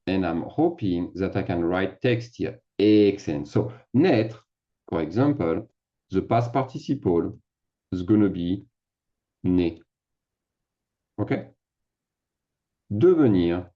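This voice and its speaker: Deep-voiced teacher, lo-fi sound. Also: male voice. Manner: chatty, self-mocking, thinks aloud while typing. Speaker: French teacher. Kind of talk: casual screen-share lesson.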